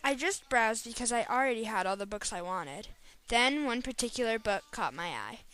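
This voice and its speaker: A woman reading her own first-person story aloud in a steady storytelling way. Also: fairly high pitch, moderate pace, poor audio.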